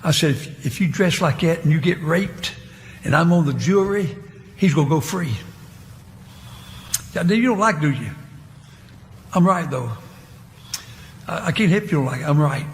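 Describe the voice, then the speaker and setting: An older man preaching a sermon in a church, rambling and halting and repeating his words. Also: fairly high pitch, expressive. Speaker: pastor. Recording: reverberant church hall, faint hiss.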